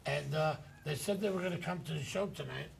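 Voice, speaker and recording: An older man hosting a talk show, telling rambling, animated stories. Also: fairly high pitch, fairly quick, creaky, a little hiss or hum. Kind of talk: anecdotal chat.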